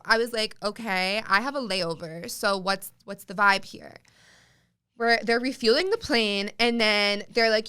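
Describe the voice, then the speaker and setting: Bright, chatty young woman podcaster. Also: a little high, moderate pace, clean tone. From Chicago area. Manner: chatty, swears freely, heavy use of "like". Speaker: podcast host. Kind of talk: casual storytelling monologue.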